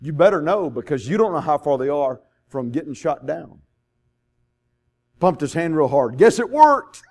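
A man preaching a sermon, telling stories and swinging from loud to hushed. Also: on the high side, normal speed.

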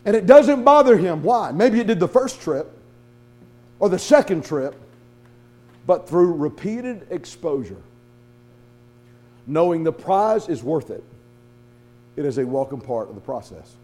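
High-voiced animated pastor, man. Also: measured pace, long pauses. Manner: animated, acts out voices in his stories. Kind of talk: sermon with storytelling.

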